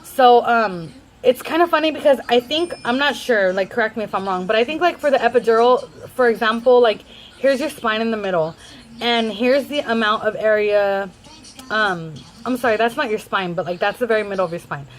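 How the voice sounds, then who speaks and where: A young woman tells a personal story straight to camera, chatty and rambling. Her voice sits a little high, and she keeps the tone easy and casual. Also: brisk, poor audio. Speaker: vlogger.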